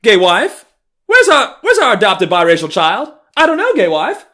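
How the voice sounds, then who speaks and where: A woman's voice: mid-range voice, huge pitch swings, moderate pace, pushed and bright, voice pushed up. A man mockingly voicing a theatrical, overdramatic lesbian neighbor in a comedy rant. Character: theatrical gushing lesbian neighbor, woman, adult.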